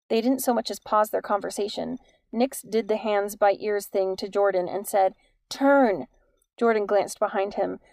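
A woman reading an audiobook in an even, measured storytelling manner. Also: mid-range voice, creaky, dry recording. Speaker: audiobook narrator. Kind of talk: scripted narration.

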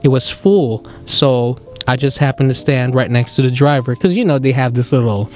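A man with a Filipino accent hosting a podcast, telling a story in a casual, animated way and jumping into high excited voices for the people he quotes. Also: moderate pace, faint music behind. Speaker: podcast host.

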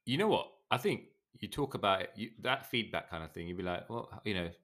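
Lively, bright-voiced man chiming in. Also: lowish voice, brisk. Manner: reactive, chiming in with jokes. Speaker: podcast co-host. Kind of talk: casual chat.

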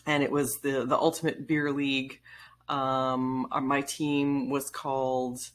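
Woman in her thirties, low-pitched, chatty vlogger telling stories with blunt, wry humor. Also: a little slow. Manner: animated and wry, laughs while telling; blunt, swears casually. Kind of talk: casual storytelling monologue.

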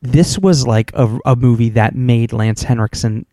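A man co-hosting a casual movie podcast, talking in an excitable way with lots of fillers and laughter. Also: mid-range voice, a little slow, no room sound, clean studio sound. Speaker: podcast co-host. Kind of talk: casual movie review chat.

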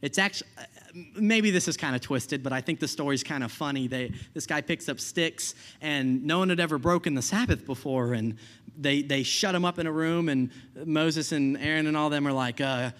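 Casual higher-voiced young male preacher. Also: normal speed, fairly bright tone. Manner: casual, conversational preaching with frequent "right?" and laughs. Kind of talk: sermon.

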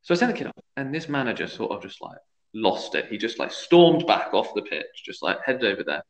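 A man's voice: lowish voice, very animated, brisk. A young man, a youth football referee, telling a story in casual podcast chat and acting out the quoted voices. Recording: echoey room, dull lo-fi sound.

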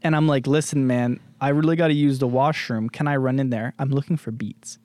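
A young man telling a story to his friends in casual chat, animated and laughing, swearing often. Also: mid-range voice, brisk, dry recording. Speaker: podcast co-host.

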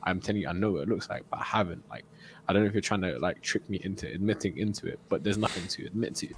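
A young man tells a long story and slips into the voices of the people in it, laughing as he goes. His voice sits very low, and a faint hum of room noise runs under it. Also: racing. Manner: animated storyteller, acts out quotes, laughs often. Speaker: podcast co-host. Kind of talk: casual storytelling chat.

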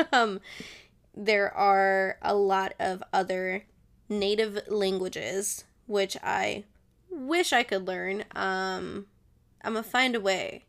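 A woman's voice: mid-range voice, fairly even intonation, extremely slow, vocal fry, a bit bright. A woman hosting her own show, chatting casually and rambling, laughing often and switching into Spanish now and then. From Mexican family. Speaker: podcast host. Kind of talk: casual solo chat.

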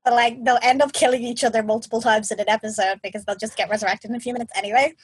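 A woman co-hosting a podcast in a casual chat, chatty and animated as she retells a story. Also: a little high, racing, slightly rough, low-quality recording. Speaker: podcast co-host.

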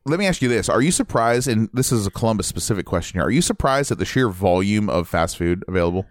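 Young man from Ohio, low voice, lively delivery, dry close sound; podcast co-host. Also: fast, no room sound. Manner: animated, chatty, says dude and man a lot. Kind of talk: casual chat.

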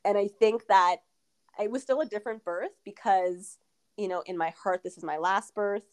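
A woman's voice: medium pitch, moderate pace. A woman in her thirties, a podcast guest telling a personal story in a candid, rambling way with many fillers. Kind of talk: casual interview storytelling.

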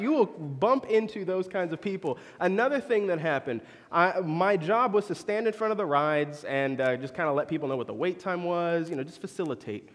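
A man's voice: high-pitched, animated, brisk, few pauses, fairly bright tone, long reverb tail. Young male preacher telling stories. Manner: conversational, joking asides to the audience. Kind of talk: sermon storytelling.

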